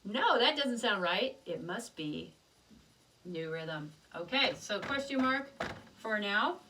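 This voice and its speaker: A woman's voice: medium pitch, animated, takes it slowly, recorded from a distance, noisy background. A woman teaching a children's music lesson, patiently explaining rhythms step by step and chanting rhythm syllables.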